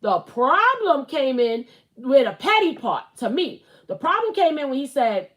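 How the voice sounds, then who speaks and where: A woman with a somewhat high voice talks straight into her own show, spilling blunt opinions. She rambles, circles back and repeats herself. Her delivery is casual and full of fillers. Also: sing-song, a little slow, fairly bright tone. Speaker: host. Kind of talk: casual celebrity gossip commentary.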